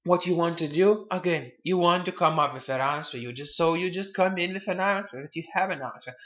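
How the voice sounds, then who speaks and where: Male self-help presenter, slightly high voice, halting and repetitive delivery, dull lo-fi audio. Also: a bit bright. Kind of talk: casual advice talk.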